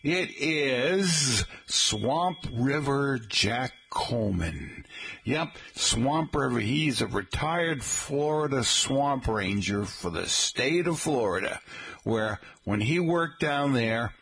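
Husky middle-aged guy on local radio, folksy and chatty, reads out info real slow. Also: medium pitch, lively intonation, a bit bright. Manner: folksy and chatty, spells out details slowly. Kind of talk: casual radio talk. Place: radio studio.

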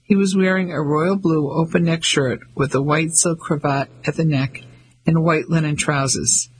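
Husky male audiobook narrator. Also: fairly high pitch, fairly even intonation, normal speed, rough recording. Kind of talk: scripted narration.

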